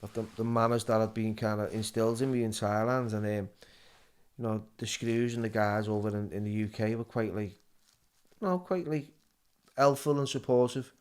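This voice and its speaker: A man's voice: on the low side, steady tone, normal speed, clear, resonant tone. A middle-aged man with a Liverpool accent, a guest telling his story in a casual interview, stumbling and repeating words as he goes.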